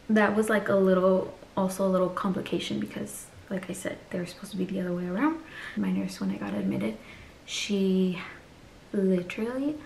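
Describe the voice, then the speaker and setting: A woman's voice: mid-range voice, darkish tone, echoey room, slight background noise. A woman vlogger telling a personal story in a candid, chatty way and acting out the people she quotes.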